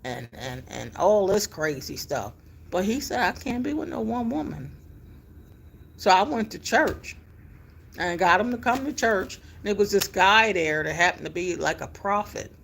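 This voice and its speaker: A middle-aged woman, telling a personal story in a casual, animated way with emphatic exclamations. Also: on the low side, normal speed, vocal fry, a little hiss or hum. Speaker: vlogger telling her life story.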